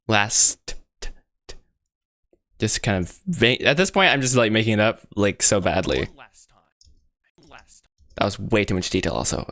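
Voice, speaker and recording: Excitable young man chatting while animating. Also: on the low side. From United States. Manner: rambling, self-mocking, excitable, says bro and guys a lot; sounds out mouth shapes while lip syncing. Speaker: animation livestreamer. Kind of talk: casual livestream chat while animating.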